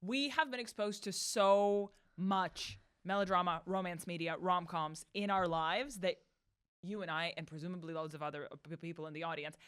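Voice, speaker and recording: A woman co-hosting a podcast, talking through ideas quickly and thoughtfully in casual chat. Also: fairly low pitch, steady tone, fairly bright tone, clean tone. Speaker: podcast co-host. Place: studio.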